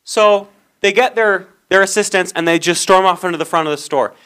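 Young man, podcast co-host, bright tone, rambling storyteller, acts out the dialogue. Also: sits high, brisk, clean tone. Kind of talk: casual podcast chat, storytelling.

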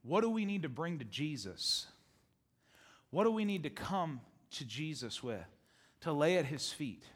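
A male pastor preaching a sermon to his congregation, animated, repeating phrases for emphasis and laughing often. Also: a little high, a little slow, breathy edge. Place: church sanctuary with congregation.

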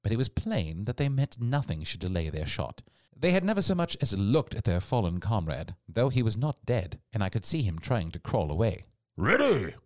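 A man narrating a classic adventure story in an expressive storytelling read. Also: fairly low pitch, normal speed, dry recording, clean studio sound. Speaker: audiobook narrator. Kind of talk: scripted narration.

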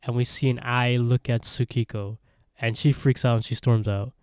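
A man co-hosting a podcast, casually retelling a horror episode and acting out the characters' lines in quick voices. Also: mid-range voice, level tone, darkish tone, clear, resonant tone, dry recording, clean studio sound. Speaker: podcast co-host.

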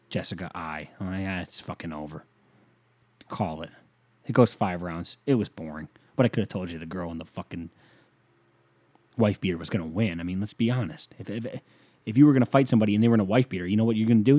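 A young man hosting a podcast alone, rambling through a profane, casual story and now and then breaking into loud whoops. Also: low-pitched, a little fast. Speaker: podcast host. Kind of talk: casual solo podcast rant.

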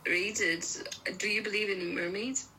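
A woman's voice: medium pitch, fairly even intonation, normal speed, bright, forceful tone, slight background noise, low-quality recording. A woman co-hosting a casual podcast, chatting and rambling as she gives her opinions while chewing food. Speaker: podcast co-host. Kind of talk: casual chat.

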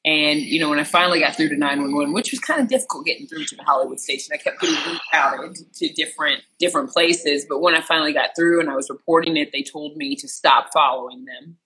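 An entertainment interviewer from rural Missouri telling a personal story in a lively way, acting out what others said with sudden jumps in pitch. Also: fast talker, few pauses, slight background noise, poor audio. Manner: animated, acts out quotes with sharp jumps in pitch.

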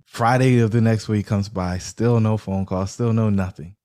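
Male guest, storyteller, warm low tone, acts out dialogue. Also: moderate pace. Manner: animated storyteller acting out quoted dialogue. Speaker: real estate investor guest. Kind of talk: storytelling in a podcast interview.

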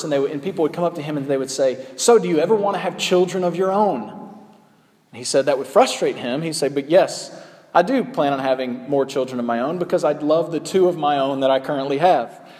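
A man's voice: on the high side, in a large hall. A man preaching a sermon in a conversational way, with frequent ums and uhs. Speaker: pastor.

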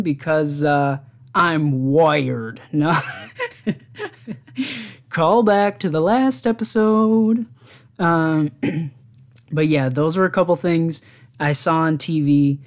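A man hosting his own podcast alone, telling rambling stories in casual chat and often laughing at them. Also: a little high. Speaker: podcast host.

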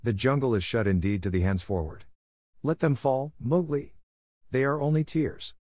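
A man voicing a wise, protective black panther in a storybook, gentle and counselling in manner. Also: medium pitch, moderate pace, no echo, studio quality, voice pushed up, close to an everyday voice. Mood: tender.

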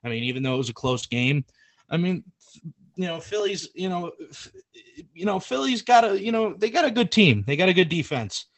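Excitable rambling man talking football. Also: high voice, fairly quick. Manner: excitable, rambling, laughs easily. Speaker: podcast co-host. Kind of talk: casual sports prediction chat. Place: home setup streamed live.

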